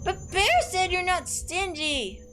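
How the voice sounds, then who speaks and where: A woman's voice: very high-pitched, animated, slow, fairly bright tone, soft background music, voice pushed up, full character voice. A woman voicing a breathless, cheeky little street kid in a video game, eager and insistent. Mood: pleading.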